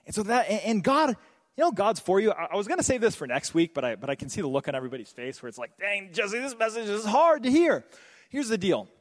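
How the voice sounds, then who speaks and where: Animated preacher man in a reverberant hall. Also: high-pitched. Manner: animated preaching, jokes and quick voiced asides. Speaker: pastor. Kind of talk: sermon.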